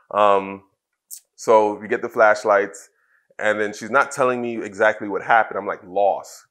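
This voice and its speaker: Low-voiced man recalling a loss candidly. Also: steady tone, a bit bright. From Trinidad. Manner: candid, halting, many fillers and restarts. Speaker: guest, former wrestler. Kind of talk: casual interview storytelling.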